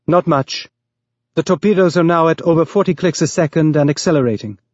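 A man doing a calm clipped female pilot. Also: fairly high pitch, fairly quick, no echo, dull audio, voice pushed up, lightly acted. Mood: tense, clipped.

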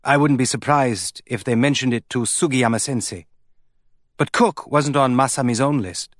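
A man's voice: mid-range voice, normal speed, no room sound, clean studio sound, close to an everyday voice. A man reading an audiobook, voicing a cautious parent who speaks in a subdued, careful way. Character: cautious, softly spoken parent.

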